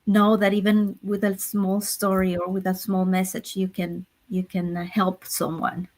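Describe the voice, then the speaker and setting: A woman's voice: mid-range voice, monotone, unhurried, a little mellow. A woman who speaks at events, sharing a story on a talk show in an earnest way and laughing often. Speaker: speaker and panel guest. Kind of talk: casual chat.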